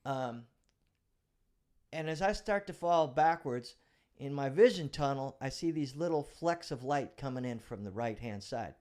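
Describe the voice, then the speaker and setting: A man's voice: mid-range voice, lively intonation, moderate pace, a little mellow. A middle-aged man, a retired police officer, telling a vivid personal story as a guest in a casual interview, now and then swearing.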